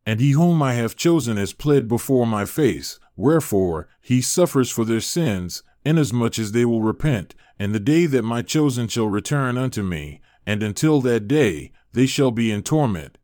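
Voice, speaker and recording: God as a stern, sorrowing eternal deity, read by a man in grave, measured declarations. The voice is mid-pitched and dry, recorded close with no room echo. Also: expressive, warm tone, lightly acted.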